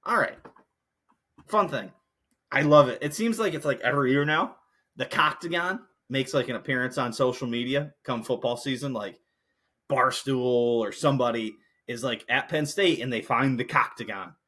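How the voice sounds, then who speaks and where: A man's voice: mid-range voice, moderate pace, a bit bright. A young adult man from the United States hosting a casual sports podcast, rambling and cursing freely, getting heated when he rants. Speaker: podcast host.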